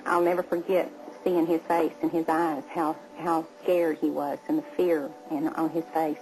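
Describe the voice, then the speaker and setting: A Texan woman recalls a rescue in a plain, even voice. Her pitch stays low and level. Music plays underneath. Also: normal speed, rough recording. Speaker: rescuer, boy's aunt. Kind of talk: documentary interview.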